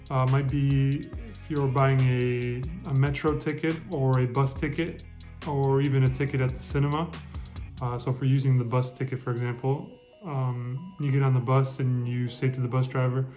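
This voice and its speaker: An easygoing man of middle pitch explains everyday tips in a casual spoken lesson. He pauses often, with ums and small restarts, and keeps a relaxed, unhurried manner. A faint music bed runs under his voice. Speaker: French language teacher. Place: lives in France.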